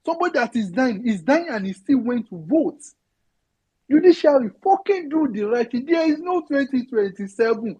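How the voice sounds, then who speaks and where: A Nigerian-accented woman speaking high and in a wildly swinging voice. She pleads and swears, close to tears, in a fiery political appeal on an audio chat. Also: big pitch swings, normal speed, mellow, slightly rough, highs cut off. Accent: Nigerian, mixing in Yoruba. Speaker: audio-room participant.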